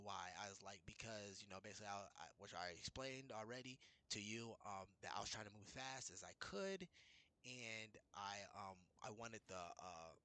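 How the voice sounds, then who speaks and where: A man casually recounting an argument with his boss, rambling and restarting as he quotes both sides. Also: mid-range voice. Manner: rambling, restarts often, quotes others in lively retelling. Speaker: storyteller recounting a work dispute. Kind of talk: casual chat.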